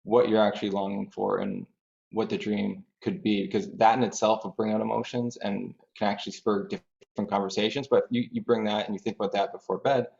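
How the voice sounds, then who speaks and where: Gravelly low-voiced man explaining. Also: level tone, a little fast, darkish tone. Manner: thoughtful, explains through examples. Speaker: grief dream researcher, guest. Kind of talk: podcast interview, explaining. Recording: dull lo-fi audio.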